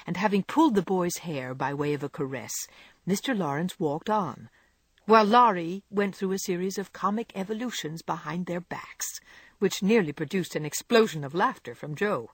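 An audiobook narrator reading a classic novel aloud, with a measured and expressive delivery. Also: medium pitch, slightly rough, no room sound. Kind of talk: scripted narration.

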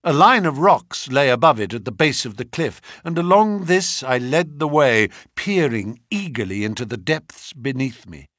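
A man giving a scripted narration of a classic detective story, telling it in the first person in an expressive, dramatic way. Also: medium pitch, moderate pace, hardly any pauses, no echo, clean studio sound. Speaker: audiobook reader.

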